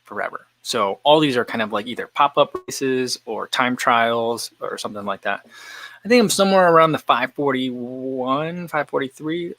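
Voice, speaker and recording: Bright-voiced man rambling through viewer questions. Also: medium pitch, dry recording, rough recording. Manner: rambling, thinks aloud while answering viewers. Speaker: running channel host. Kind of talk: casual live-stream chat while eating.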